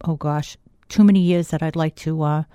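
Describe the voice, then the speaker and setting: A woman's voice: deep voice, steady tone, moderate pace, warm tone, clean tone, dry recording, clean studio sound. A middle-aged woman from Boston with a Boston accent, talking chattily as a guest on a radio interview show. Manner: chatty, self-deprecating, laughs easily. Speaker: school board candidate guest. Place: radio studio.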